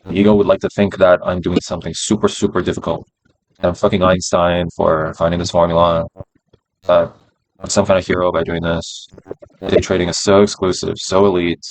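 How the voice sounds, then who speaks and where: Low-voiced man, profane self-talk. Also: level tone, a little fast, a little hiss or hum, poor audio. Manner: profane, repeats himself, talks himself through it. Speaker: day trader streaming his trades. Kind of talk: casual live-stream self-talk.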